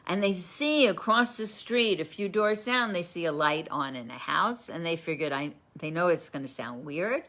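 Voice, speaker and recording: Woman, class teacher, lively storyteller, frequent restarts, bright forceful tone, lowish pitch. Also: moderate pace, few pauses.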